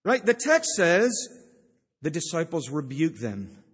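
A man's voice: on the high side, wildly swooping pitch, unhurried, slightly rough, big-room sound. A male pastor preaching a sermon, with emphatic storytelling. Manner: emphatic storytelling with acted-out quotes.

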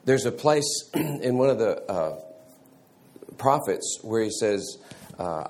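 A man teaching a church Sunday school class in a halting way, restarting words and often clearing his throat. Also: fairly low pitch, expressive, a little mellow.

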